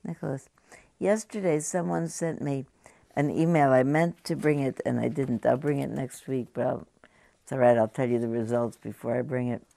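A woman meditation teacher giving a conversational, halting talk to a group, often turning to ask the audience questions. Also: very deep voice, steady tone, gravelly, dark tone, dry recording. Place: meditation hall.

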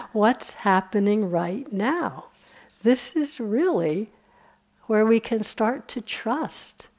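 Woman giving a relaxed dharma talk. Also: mid-range voice. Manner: relaxed and conversational, often laughing. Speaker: meditation teacher. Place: retreat center hall.

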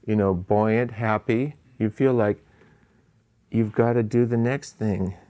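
A man's voice: lowish voice, fairly even intonation, slow, mellow. A man giving a conversational dharma talk at a meditation center, laughing often and tossing in asides. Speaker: meditation teacher. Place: meditation hall.

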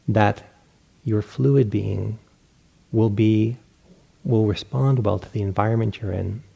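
A middle-aged man teaching meditation in a relaxed dharma talk, poking fun at himself and acting out his own inner voices. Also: on the low side, creaky, husky. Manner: relaxed, self-mocking, acts out inner voices.

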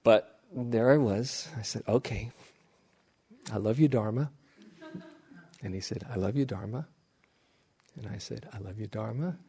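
A middle-aged man, a meditation teacher, giving a dharma talk in a slow, gentle storytelling manner with soft laughs. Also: lowish voice, vocal fry, slight background noise.

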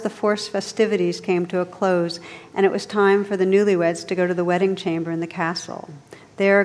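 A woman meditation teacher reading a story aloud in a soft, measured way. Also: on the low side. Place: meditation hall. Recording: long hall reverb.

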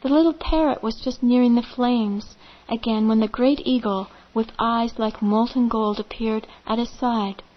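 A woman meditation teacher telling a parable gently, in measured phrases with vivid pauses. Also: a little high, fairly even intonation, lo-fi sound. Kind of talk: slow storytelling of a parable.

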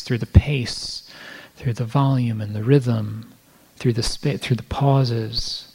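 A man teaching meditation, giving a reflective talk to people in a room, often restarting his phrases and dropping into soft asides. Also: mid-range voice, breathy edge. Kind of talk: dharma talk to a live audience. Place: room with a live audience.

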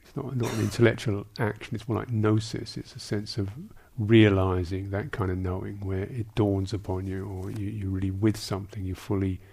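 A man, a Buddhist monk teacher, answering questions in a dharma talk, speaking in a halting, thoughtful way with many restarts and small asides. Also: lowish voice, level tone, gravelly, darkish tone, breathy edge.

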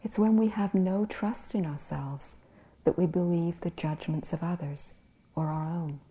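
A woman who is a physician and meditation teacher, giving a gentle dharma talk and often dropping to a near whisper. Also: lowish voice, a little slow.

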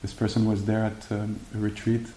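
A man giving a meditation talk and answering questions, speaking haltingly with many fillers and restarts. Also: lowish voice, monotone, mellow. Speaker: meditation teacher. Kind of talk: dharma talk and Q&A. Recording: echoey room with faint hiss.

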